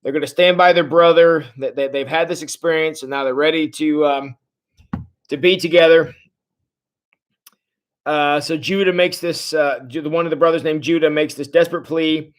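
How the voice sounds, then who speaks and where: Chatty high-voiced man leading Bible study. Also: moderate pace. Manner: chatty, greets viewers' comments, animated storytelling. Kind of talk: casual livestream Bible study.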